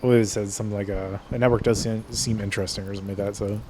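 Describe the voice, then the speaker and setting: A man's voice: fairly low pitch, little pitch movement, racing, mellow, a little hiss or hum. A man co-hosting a podcast in casual chat, often trailing off, blunt and profane. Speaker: podcast co-host.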